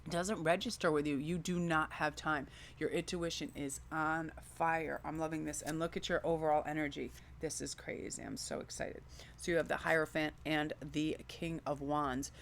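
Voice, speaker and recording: A woman's voice: low voice, level tone, moderate pace, few pauses, slight background noise. A woman giving a casual tarot reading to her viewers, chatty, enthusiastic and encouraging. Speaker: tarot reader.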